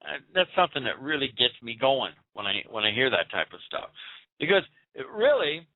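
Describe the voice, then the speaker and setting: Sing-song and brisk, this American man has a medium-pitched voice heard without echo through tinny, phone-like audio. Hosting a talk radio show, he launches into a fiery, preachy political monologue full of rhetorical questions.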